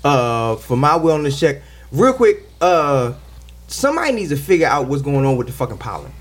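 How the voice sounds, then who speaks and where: A man's voice: a little high, big pitch swings, normal speed, husky. A man hosting a casual podcast with friends, loose and emphatic, repeating phrases as he talks. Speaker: podcast host.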